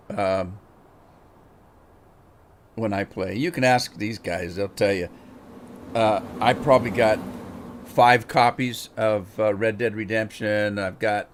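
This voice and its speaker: A middle-aged man hosting a game livestream, chatting casually and rambling, often repeating words as he thinks. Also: on the low side. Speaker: gaming livestream host. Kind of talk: casual chat while playing a game.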